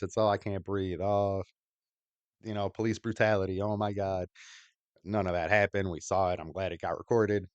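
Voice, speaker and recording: Blunt low-voiced male podcast host. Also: no room sound. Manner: blunt, opinionated, crude. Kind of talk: casual commentary over clips.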